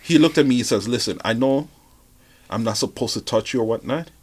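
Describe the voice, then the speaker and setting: A man telling a story in casual chat as a podcast guest, relaxed and rambling, with lots of fillers and laughs. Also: medium pitch, fairly quick, husky.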